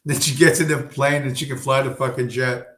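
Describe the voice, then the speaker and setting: A man hosting a stream, telling a long, rambling story with heavy profanity and many fillers. His pitch sits in a middle range. The voice echoes around a roomy space. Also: fairly even intonation, fairly quick, a bit bright. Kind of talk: casual rambling monologue. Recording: roomy echo.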